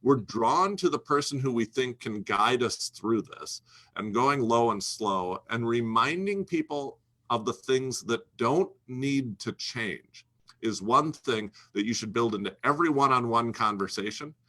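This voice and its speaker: A man's voice: mid-range voice, expressive, normal speed, sharp tone. A man speaking as a guest, coaching financial advisors in an emphatic, instructional way and repeating his key phrases. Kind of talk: instructional talk to a host.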